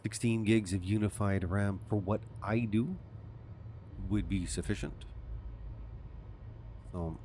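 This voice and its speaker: A man's voice: fairly low pitch, steady tone, takes it slowly, long pauses, mellow, slight background noise. A man from Canada giving rambling, self-amused commentary while playing a game as a channel host. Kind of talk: casual let's-play commentary.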